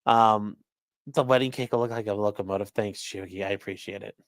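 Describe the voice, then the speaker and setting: A Midwestern US man with a Great Lakes accent hosts a casual livestream, rambling as he reads viewer comments and super chats aloud. His voice is on the low side and steady, a little fast, recorded dry at studio quality.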